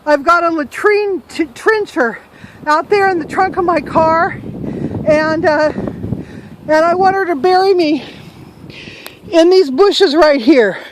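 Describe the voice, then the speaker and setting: A chatty older woman with a high voice vlogs from outside on a handheld camera. She talks casually and pokes fun at herself as she goes. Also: slow, pauses often, background noise. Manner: chatty, self-mocking, joking. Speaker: travel vlogger. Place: outdoors in a hillside cemetery.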